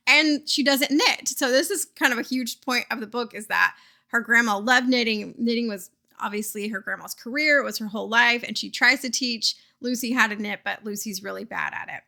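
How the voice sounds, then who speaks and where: A woman's voice: a little high, moderate pace, vocal fry, pushed and bright. A woman in her thirties, chatting casually and giggling as she recaps a book while she crochets at home. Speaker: crochet vlogger.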